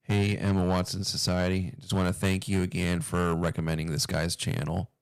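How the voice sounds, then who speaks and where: A man's voice: low-pitched, monotone, normal speed, creaky, smooth, no room sound. A man hosting a commentary video, talking casually in a rambling, uneasy and profane way.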